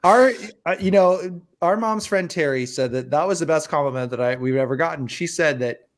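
A man's voice: a little high, fairly quick. A young man co-hosting a casual podcast, chatty and joking. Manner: chatty, joking, lots of restarts and laughs. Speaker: podcast co-host. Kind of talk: casual chat.

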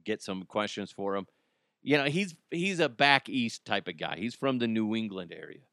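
A man's voice: lowish voice, lively intonation, moderate pace, a bit bright, dry recording, clean studio sound. A man hosting his own podcast alone, rambling and joking and laughing at his own stories. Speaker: podcast host. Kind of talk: casual solo podcast monologue.

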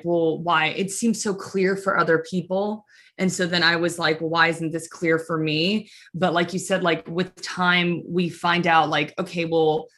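A woman from the United States telling stories in an animated, chatty way, full of fillers, in casual conversation. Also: fairly low pitch. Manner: chatty, animated storytelling full of "like" and "you know".

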